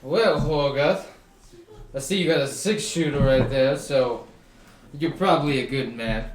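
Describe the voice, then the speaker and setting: A man doing a loud boastful hippo barfly. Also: medium pitch, measured pace, distant mic, a crowd in the background, voice pushed up, close to an everyday voice. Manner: loud and swaggering. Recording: echoey room with music behind.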